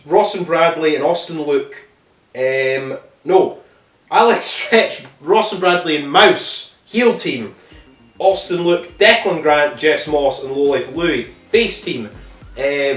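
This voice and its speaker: A man's voice: a little high, a bit bright. Profane, rambling man in an echoey room. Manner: profane, swears constantly; rambling with frequent ums and self-corrections. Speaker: wrestling review podcast host. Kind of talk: casual rambling recap. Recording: echoey room, distant mic, faint music.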